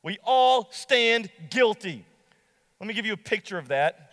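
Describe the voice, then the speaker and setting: A pastor preaching a sermon to a congregation, emphatic and slowing down to stress key lines. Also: male voice, high voice, expressive, fairly bright tone, in a large hall.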